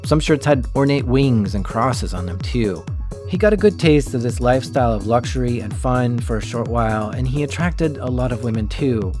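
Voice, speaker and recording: Sex: man. Style: calm scripted podcast narration. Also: mid-range voice, normal speed. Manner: calm, even storytelling. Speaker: podcast host. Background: background music.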